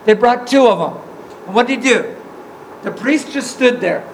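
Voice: medium pitch, expressive, normal speed, vocal fry, slight background noise, poor audio. A preacher giving a sermon in a casual, slangy storytelling manner, acting out the scripture scenes in everyday words.

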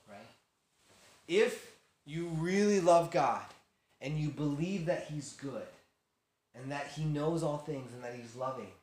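A man giving a casual, animated Bible lesson to a youth group, acting out quotes and laughing as he goes. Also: on the high side. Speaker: youth teacher. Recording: very echoey room, faint hiss.

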